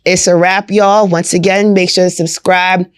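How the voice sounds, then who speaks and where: A podcast host with a low-pitched voice closes out an episode in casual chat. She is hyped and slangy, and the sound is dry and close. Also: flat delivery, normal speed, smooth, dry recording. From Houston, Texas.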